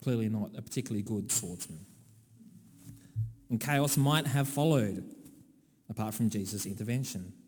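Australian preacher in a reverberant hall. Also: male voice, on the low side, moderate pace, long pauses, a little mellow, breathy edge. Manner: conversational and wry, with dry asides. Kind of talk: sermon.

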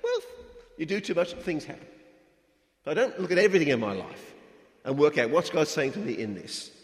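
A middle-aged man, a missionary preacher, giving a conversational, animated sermon with stammered restarts. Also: on the high side, fairly quick. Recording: echoey hall with long reverb.

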